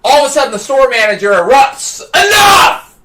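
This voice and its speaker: A man on a live stream telling a story from his childhood, excitable, stumbling over restarts and working up to shouts. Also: extremely high pitch, fast. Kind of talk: animated anecdote telling.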